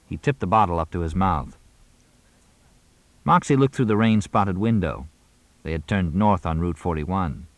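A man narrating an audiobook with an expressive reading. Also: low-pitched, moderate pace, pauses often, no echo. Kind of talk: scripted narration.

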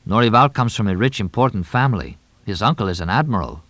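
A man voicing a grieving young man who speaks slowly and solemnly, at times like a prayer. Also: fairly low pitch, expressive, fairly bright tone, no echo. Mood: wry.

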